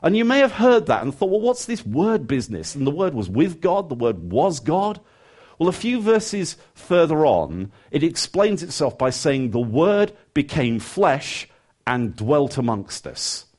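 A man preaching a sermon in a conversational way, often voicing what his listeners might be thinking. His pitch swings widely, climbing high on emphatic questions and dropping low for quiet, earnest points. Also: unhurried. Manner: lively, rising emphatic questions then quiet earnest asides; conversational, acts out listeners' thoughts.

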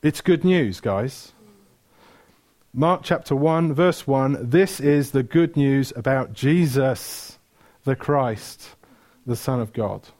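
A man's voice: mid-range voice, slow, darkish tone. A man preaching a sermon, retelling stories with energy, asking the room questions and correcting himself mid-flow.

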